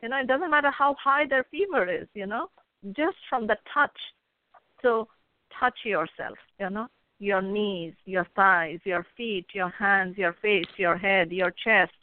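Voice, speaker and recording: A woman's voice: medium pitch, measured pace. Woman guest coach, earnest advice-giver, tinny phone line with faint hiss. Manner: earnest, advising, tells folksy stories. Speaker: guest, author and hypnotherapist coach. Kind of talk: casual interview talk.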